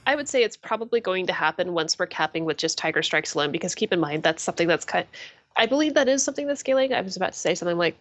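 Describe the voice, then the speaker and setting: A woman's voice: lowish voice, lively intonation, very fast. A woman explaining game mechanics confidently in a casual podcast chat.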